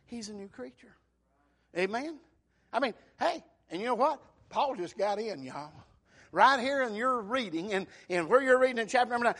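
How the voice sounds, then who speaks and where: A man preaching a sermon, acting out the voices he quotes and swinging from loud to hushed. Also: high-pitched.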